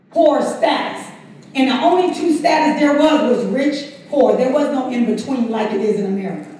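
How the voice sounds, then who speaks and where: A high-pitched woman teaches a Bible study in a loose, laughing, call-and-response manner. She is picked up from across a very echoey church room, with faint noise behind her. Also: darkish tone, distant mic. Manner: conversational, laughs often, calls for congregation response. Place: church sanctuary.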